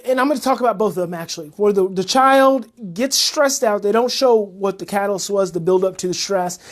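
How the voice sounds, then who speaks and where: Speaking fairly quickly in a mid-range voice, this woman teaches parents and rambles casually on her own. She gets worked up, circling back to the same phrases with lots of animation.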